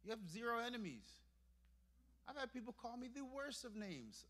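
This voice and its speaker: A man from Brooklyn, New York, in his thirties, preaching a sermon in a church and swinging between hushed, intimate moments and emphatic ones. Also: very high voice, sing-song, normal speed. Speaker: pastor. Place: church sanctuary.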